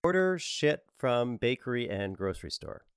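A man's voice: mid-range voice, very animated, moderate pace, clear, resonant tone, no echo, studio quality, voice pushed up, natural voice. A man voicing a blunt, foul-mouthed woman running a bed and breakfast, in an audiobook. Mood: brash. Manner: blunt and swearing.

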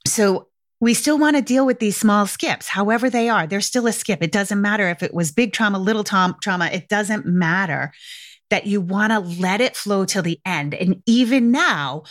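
A woman's voice: medium pitch, normal speed, fairly bright tone. A middle-aged woman hosting a parenting podcast in casual solo talk, chatty and emphatic, often asking "right?" and addressing listeners as "you guys".

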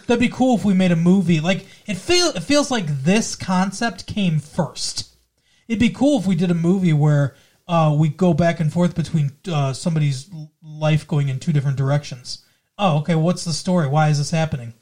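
A man's voice: on the high side, normal speed, darkish tone. A man co-hosting a podcast in casual chat, rambling and teasing, full of trivia. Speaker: podcast co-host.

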